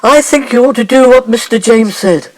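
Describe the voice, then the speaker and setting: A woman's voice: a little high, normal speed, darkish tone, lightly acted, poor audio. A woman playing a prim, fussy vicar in a comic radio-style pastiche, with a formal manner.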